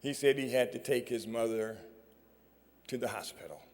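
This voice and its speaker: A man giving a storytelling speech at an awards ceremony, measured and full of dramatic pauses, on a stage microphone. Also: mid-range voice. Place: large performing arts hall. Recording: long reverb of a large hall.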